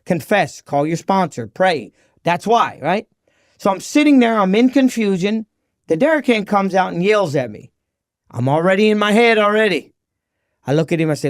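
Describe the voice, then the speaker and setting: A man, a podcast guest, telling his recovery story in an animated, slangy way and acting out the dialogue. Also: high-pitched, normal speed, no room sound, studio quality.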